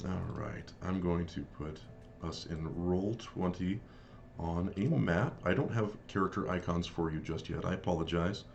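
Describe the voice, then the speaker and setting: A man serving as game master for a live-streamed tabletop game. He talks haltingly and apologetically, with frequent fillers. His voice is very deep with a gravelly rasp. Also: a little mellow, muffled recording, slight background noise.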